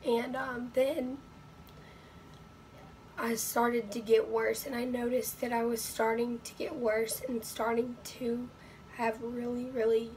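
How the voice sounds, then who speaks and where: A woman vlogs from her bedroom in a hoarse, nearly gone voice that sits a little high. She rambles with lots of fillers and keeps slipping into breathy whispers. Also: little pitch movement, slow pace, darkish tone, a little hiss or hum, low-quality recording. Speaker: vlogger. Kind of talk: casual talk to camera.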